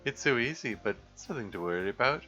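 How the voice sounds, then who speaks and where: A man's voice: mid-range voice, lively intonation, quick pace, pushed and bright, lo-fi sound, soft background music, pitched above the performer's own voice. A man with an attempted Yorkshire accent voicing a teasing, sarcastic older brother while reading a visual novel aloud.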